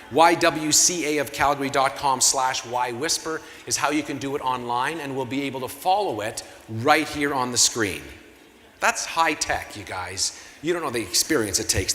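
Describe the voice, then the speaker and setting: A man's voice: mid-range voice, bright, forceful tone. A man with a Canadian accent emceeing a gala, telling a comic, self-mocking story to the audience. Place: large convention hall. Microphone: handheld stage mic through PA. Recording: reverberant hall with faint room noise.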